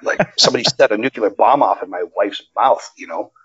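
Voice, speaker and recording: A man guest on a wrestling interview, telling stories in a casual, profane and animated way, his pitch jumping up when he gets excited. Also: a little fast, breathy edge, highs cut off. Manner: animated, profane storytelling with sudden jumps in pitch. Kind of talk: casual storytelling chat. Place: Nevada.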